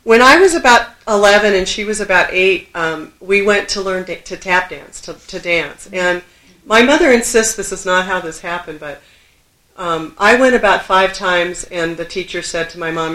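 A woman's voice: on the low side, normal speed, fairly bright tone. A middle-aged woman from Southern California telling a personal story to a live audience, self-deprecating and laughing often. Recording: roomy echo.

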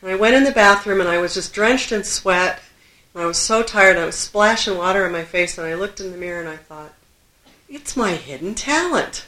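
A woman's voice: fairly low pitch, fast talker, sharp tone, a little hiss or hum. A middle-aged woman from Southern California telling a personal story to a live audience, self-deprecating and laughing often. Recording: roomy echo.

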